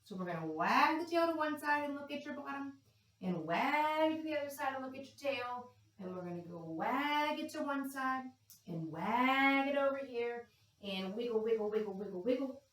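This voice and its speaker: Gentle woman guiding kids yoga, echoey. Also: high-pitched, expressive, moderate pace. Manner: gentle, playful instruction with animal sounds. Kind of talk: guided kids yoga class. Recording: echoey room, distant from mic.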